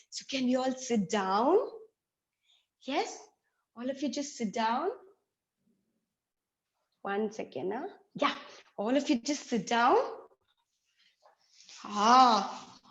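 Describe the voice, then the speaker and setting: A woman leads children through a story and movement songs, speaking in a high, unhurried, sing-song voice and talking to them directly. The room echoes and the recording sounds dull and lo-fi. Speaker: children's storyteller and activity leader.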